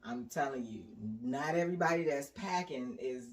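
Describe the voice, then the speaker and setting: A woman's voice: very deep voice, moderate pace. A woman in a casual panel chat, telling frank stories with a laugh.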